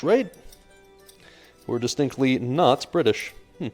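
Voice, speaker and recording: A man's voice: mid-range voice, wildly swooping pitch, normal speed. A young American man cooking on a live stream, rambling and joking as he reads chat aloud. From United States. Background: faint music.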